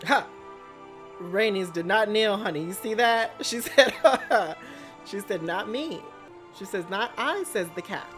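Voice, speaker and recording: Woman, reaction host, excitable, chatty, slow delivery, faint music behind. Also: medium pitch. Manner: excitable, chatty, calls viewers honey. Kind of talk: live reaction to a TV episode.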